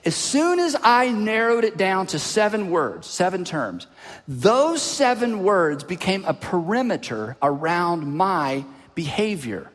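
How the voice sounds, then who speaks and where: A pastor delivers his sermon slowly, animated as he recounts a personal story, and lowers his voice for the asides. The recording carries a long hall reverb.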